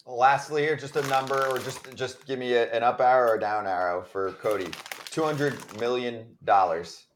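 A man hosts a sports talk stream in an easy, steady voice of ordinary pitch. He keeps things moving with casual asides. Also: moderate pace, a little hiss or hum. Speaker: show host. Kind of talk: hosting live sports show.

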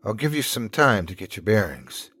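A man voicing a gentle, lonely middle-aged woman who speaks softly and reassuringly. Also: fairly low pitch, very animated, moderate pace, breathy edge, full character voice. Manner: soft, cooing, reassuring.

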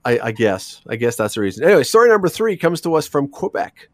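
A Canadian man chats on a radio show, his voice sitting a little high for a man. The sound is dry and close, with no room around it, and he rambles through stories with asides and restarts. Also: very animated, quick pace, no echo. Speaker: radio show co-host telling news stories. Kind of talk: casual radio chat.

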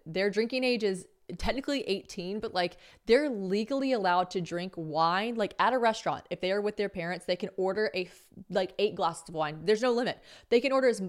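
A woman in her twenties from the United States, hosting a solo podcast and telling stories casually, swearing freely and acting out other people's lines. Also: mid-range voice. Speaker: podcast host.

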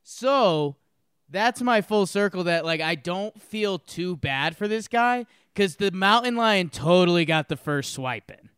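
A man co-hosting a casual chat podcast, telling a story with lively acted-out quotes and frequent laughs. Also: sits high, a little slow, clear, resonant tone, dry recording, studio quality. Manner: animated storyteller, acts out quotes, laughs often. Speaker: podcast co-host.

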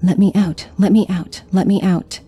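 A trapped female phantom calls out from behind a mirror in a plaintive, mechanical voice that slides into a hiss, as a woman narrator puts her on. The voice sits low in pitch and repeats itself with no one listening. It belongs in a spoken horror story. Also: steady tone, normal speed, mellow, slightly rough. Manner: plaintive yet robotic, repetitive, hissing.

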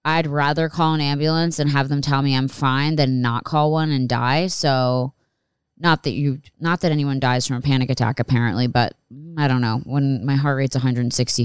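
A woman's voice: a bass voice, moderate pace, smooth, dry recording. A woman in her thirties telling a personal story in a candid, rambling way and swearing freely. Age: 30s. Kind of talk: casual storytelling monologue.

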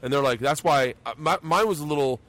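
A man's voice: a little high, fairly quick, fairly bright tone. A man hosting a podcast at a comedy club, telling profane, self-mocking stories and acting out what people said. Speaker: podcast host. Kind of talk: casual chat, storytelling.

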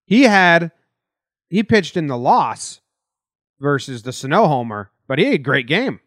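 A man's voice: fairly high pitch, big pitch swings, a little slow, fairly bright tone, no room sound, studio quality. A man co-hosting a casual baseball podcast, speaking in an offhand, loose way and swearing freely. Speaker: podcast co-host. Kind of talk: casual sports chat.

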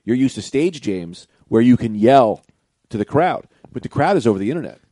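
A man's voice: medium pitch, very animated, brisk, dark tone, dry recording. A man hosting a podcast, rambling through crude jokes and laughing at his own bits. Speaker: podcast host. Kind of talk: casual comedy chat. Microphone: podcast microphone with headphones.

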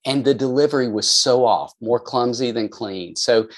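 A man's voice: medium pitch, moderate pace. A man, a counselor and author, speaking in an earnest, explanatory way during a podcast conversation. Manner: earnest, explanatory, many "I think" qualifiers.

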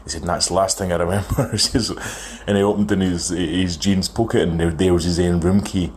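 A man's voice: low voice, steady tone, fairly quick, slight background noise. A man in his thirties, telling a long, rambling story in a phone voice note and chuckling as he goes. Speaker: caller sending a voice note. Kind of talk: casual storytelling.

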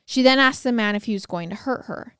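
Smooth-voiced woman telling a true-crime story. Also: on the high side, a little fast, a bit bright, no echo, studio quality. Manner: conversational narration with wry asides. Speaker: podcast co-host.

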